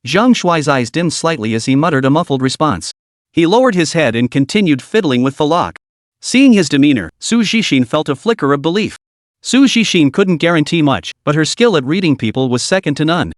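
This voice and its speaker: A man's voice: fairly high pitch, sing-song, brisk, no room sound, studio quality. A man narrating a story recap in a scripted, dramatic storytelling manner.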